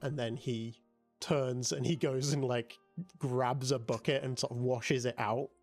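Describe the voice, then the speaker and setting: A man running a tabletop game as game master, narrating casually with many fillers, with soft music behind. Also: medium pitch, fairly even intonation, measured pace.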